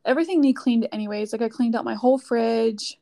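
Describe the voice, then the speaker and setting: A woman's voice: fairly high pitch, fast, warm tone. A woman chatting casually, telling a story with lots of "like" fillers. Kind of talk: casual chat.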